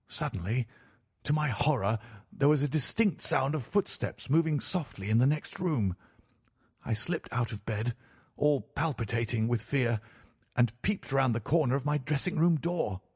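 A man narrating a classic story in a measured, formal first-person manner. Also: medium pitch, expressive, a little mellow, slightly rough, no room sound, studio quality. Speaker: audiobook narrator.

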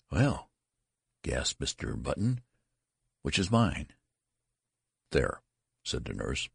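A man narrating a story as an audiobook reading, with dramatic, expressive delivery. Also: extremely low pitch, creaky, slightly rough, no room sound, studio quality.

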